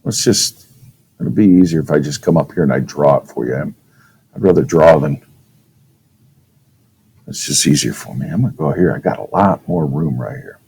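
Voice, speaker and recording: A man's voice: rumbling low, expressive, normal speed, creaky, long pauses, darkish tone, husky, poor audio. A male teacher giving a casual classroom physics lecture at a whiteboard, often checking in with "okay?". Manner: casual, checks in with "okay?", demonstrates with his own voice.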